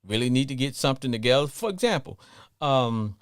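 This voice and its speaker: A middle-aged man with a Southern accent hosting a casual sports talk radio show, playful and animated. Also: medium pitch, a little fast, clear, resonant tone. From Southern US, family from Louisiana. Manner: animated, playful, breaks into song snippets.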